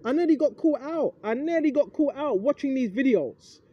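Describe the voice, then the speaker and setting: A man's voice: extremely high pitch, animated, normal speed, dull audio. A man giving an informal, rambling Bible lesson, emphatic and swearing casually, forever asking "right?". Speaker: preacher.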